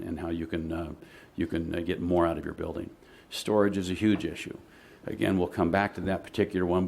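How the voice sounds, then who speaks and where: A man giving a measured, explanatory presentation to a city commission in a meeting chamber, often pausing on "uh". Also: low-pitched, vocal fry, darkish tone, a little hiss or hum. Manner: measured and explanatory, with frequent "uh" fillers.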